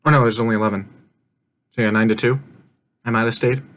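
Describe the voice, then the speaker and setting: A man's voice: medium pitch, steady tone, fast, a bit bright. A man casually recapping an online game he played, rambling and laughing often, swearing offhandedly and acting out his own quoted lines.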